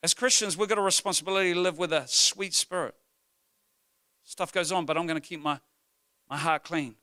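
Bright-voiced New preacher. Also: male voice, a little high, brisk, no room sound, clean studio sound. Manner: humorous, animated storytelling. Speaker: pastor. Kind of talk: sermon with personal stories.

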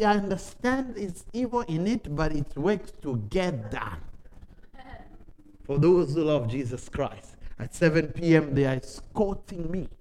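A man preaching a testimony in broken English, telling his story with animation and dropping from quiet, low passages into loud, excited ones. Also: slight background noise, poor audio. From Africa. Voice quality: non-native English, broken grammar. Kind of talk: sermon testimony.

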